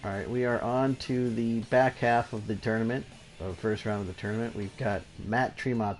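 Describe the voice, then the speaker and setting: A man hosting a video game show, giving excitable play-by-play commentary on a wrestling match and chuckling along. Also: lowish voice, normal speed, soft background music.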